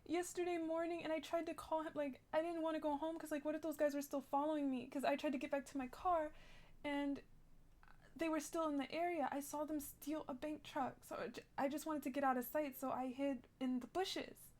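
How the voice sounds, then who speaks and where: A woman's voice: high voice, flat delivery, brisk, a little mellow. A young woman telling a rambling, shaken story in character during a role-play game, full of "like" and restarts.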